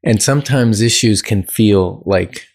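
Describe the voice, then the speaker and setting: A man's voice: lowish voice, unhurried, a little mellow. A man co-hosting a casual conversation, telling stories in a reflective way with frequent restarts. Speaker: podcast co-host.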